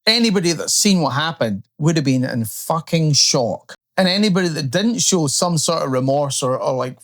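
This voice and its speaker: Aussie guy co-hosting, swears a lot, bit higher voice, blunt. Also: lively intonation, normal speed. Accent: Australian. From Scotland. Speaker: podcast co-host. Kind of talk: casual political chat.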